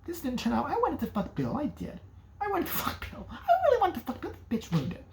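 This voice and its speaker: A whiny, frightened young woman who complains in a high, wavering voice, put on by a woman retelling a film. Her pitch jumps far above the speaker's usual voice. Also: wildly swooping pitch, fast talker, a little hiss or hum, exaggerated voice. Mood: sulky.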